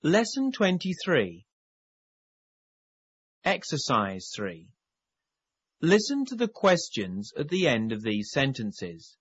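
Male course-tape narrator, very slow and deliberate, husky, dull lo-fi tape sound. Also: mid-range voice. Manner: slow, careful enunciation for learners. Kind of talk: slow scripted English lesson instructions.

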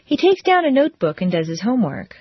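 A woman teaching English pronunciation, reading drill phrases slowly and deliberately with careful stress. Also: a little high, very animated, slightly rough, dry recording, dull audio.

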